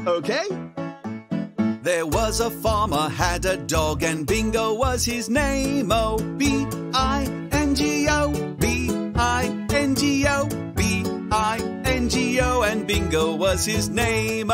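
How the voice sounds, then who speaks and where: A woman's voice: a little high, huge pitch swings, unhurried, hardly any pauses. A woman doing Mister Frog, a bubbly singing frog. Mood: cheerful. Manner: bubbly, encouraging. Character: cheerful male frog song leader. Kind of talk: children's sing-along. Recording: children's music behind.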